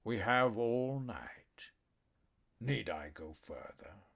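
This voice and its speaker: A man voicing a huge, menacing male black cat warlord in an audiobook, speaking slowly in a deep, quiet near-whisper that drops to a growl. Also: animated, creaky, full character voice. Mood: quietly menacing. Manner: slow, soft-spoken threats, growling.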